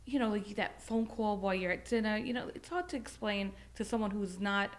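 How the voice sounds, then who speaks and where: A woman's voice: medium pitch, a little fast. Chatty Long Island woman telling stories. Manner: chatty, animated storytelling. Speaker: podcast guest, real estate agent. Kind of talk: casual chat.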